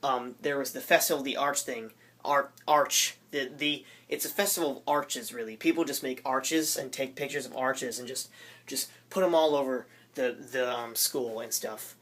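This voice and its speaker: A man's voice: medium pitch, steady tone, moderate pace, a bit bright. A teenage boy rambling in a goofy, jokey way for his vlog, interrupting himself often. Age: teens. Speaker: vlogger. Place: his room.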